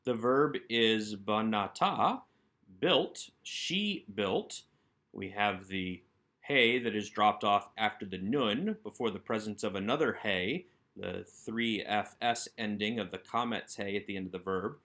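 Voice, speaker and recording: A man's voice: lowish voice, unhurried, pushed and bright. A man teaching Hebrew grammar in a recorded workbook lesson, patiently and methodically explaining each word.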